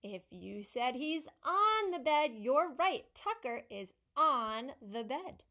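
Woman speech therapist, slow and encouraging, fairly high voice, picture book lesson for kids. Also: big pitch swings, bright, forceful tone. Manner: slow, encouraging, asks questions and praises. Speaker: speech-language pathologist.

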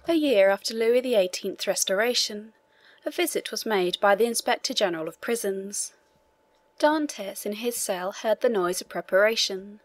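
A woman's voice: medium pitch, dry recording. Woman narrating a classic novel. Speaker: audiobook narrator. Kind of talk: scripted narration.

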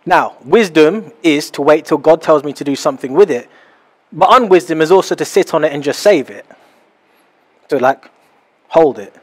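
Young male pastor, lively storytelling preacher, slightly high voice, small house church. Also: normal speed, long pauses, slightly rough. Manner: animated, acts out little scenes. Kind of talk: sermon.

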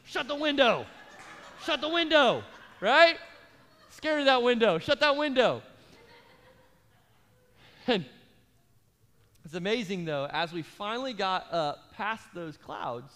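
High-voiced animated male pastor. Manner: animated storyteller, acts out voices, later calm and earnest in prayer. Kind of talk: sermon with a comic story. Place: large church auditorium. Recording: live church hall reverb with faint music.

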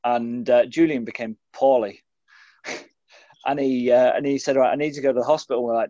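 A man's voice: medium pitch, steady tone, normal speed, mellow, no echo. A man telling a rambling, laughing story over a video call, repeating his words. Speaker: podcast co-host. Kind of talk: casual chat. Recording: dry dull video-call audio.

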